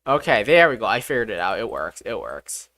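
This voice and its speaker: A game developer streaming live, talking through each step aloud, excitable and swearing often. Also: medium pitch, fairly quick, no echo, studio quality. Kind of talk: live-streamed coding commentary.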